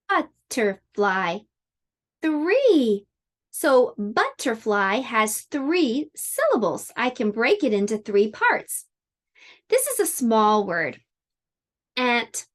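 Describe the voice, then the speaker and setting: A woman teacher leading young children through a lesson, her voice slightly high and swooping up and down. She speaks slowly and clearly, stretching words out as she claps syllables and praises the kids. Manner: slow, sing-song and encouraging, clapping out syllables.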